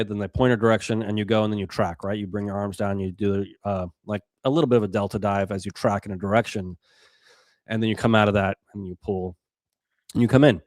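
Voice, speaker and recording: Guy in his 40s telling a war-story style anecdote, lowish voice, dry close mic, chatty w/ lots of um and like. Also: no room sound. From Rocky Mountains, US. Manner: animated, acts out quotes, many fillers and restarts. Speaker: podcast guest, former special operations weatherman. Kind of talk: casual storytelling.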